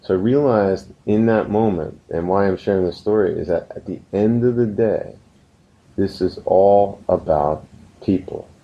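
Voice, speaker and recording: Male instructor, very deep and gravelly, earnest motivational lesson, slightly muffled recording. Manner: earnest, storytelling, slows down for emphasis. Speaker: business course instructor.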